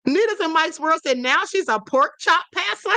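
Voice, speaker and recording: A woman hosts a livestream in an animated commentary style, laughing often as she reads out viewer comments. Her voice sits high and sounds bright and sharp. It is recorded close and dry, with no room echo. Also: normal speed. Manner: repeats "please pay attention". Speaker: host.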